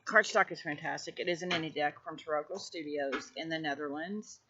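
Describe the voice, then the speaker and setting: A woman casually showing off her tarot decks, gushing with effusive praise and sometimes dropping to a hushed voice. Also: low voice, fairly quick, dull audio, background noise. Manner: drops to a hushed voice at times. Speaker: tarot deck reviewer. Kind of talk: casual show-and-tell vlog.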